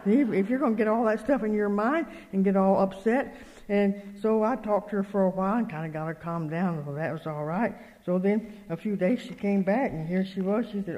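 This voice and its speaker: With a dark-toned, mid-range voice and lively intonation, an older woman moves fairly quickly through a folksy sermon, playing out both sides of dialogues with earnest stress as she tells stories. She is addressing a religious meeting, and a hall's long reverb surrounds her.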